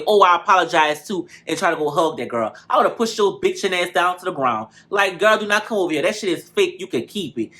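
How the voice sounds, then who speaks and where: A man with a bright, fairly high voice runs through a reality show episode for his viewers. He talks in an animated, gossipy way, swearing freely and calling everyone y'all. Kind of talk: casual recap commentary.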